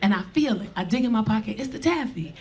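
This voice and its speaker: This stand-up comedian has a slightly high, expressive, somewhat mellow voice and talks quickly. She delivers a brash, profane story in a live club, playing every role herself, with audience laughter audible behind her.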